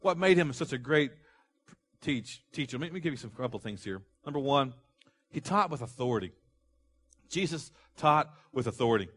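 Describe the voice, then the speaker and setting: A man preaching a sermon, animated, asking the congregation to fill in words and acting out the people in the story. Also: medium pitch, normal speed, husky. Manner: animated, acts out quoted voices, rising to loud exclamations; asks the audience questions and lets them fill in words. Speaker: pastor.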